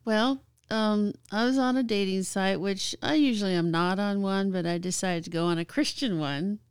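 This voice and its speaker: A woman telling a personal story as a guest in casual chat, halting with fillers and laughing often. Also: mid-range voice, steady tone, clean tone, no room sound.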